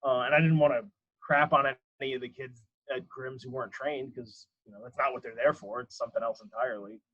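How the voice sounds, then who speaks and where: A man's voice: medium pitch, fairly even intonation, fast, slightly rough. A man chatting as a podcast guest, rambling through stories and laughing at himself often. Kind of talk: casual interview chat. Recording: lo-fi dull sound.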